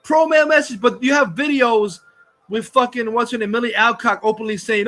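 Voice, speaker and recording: On his livestream, this man rants in a very high-pitched, pushed, bright voice at a slightly fast clip. His heated talk is full of cursing and mockery.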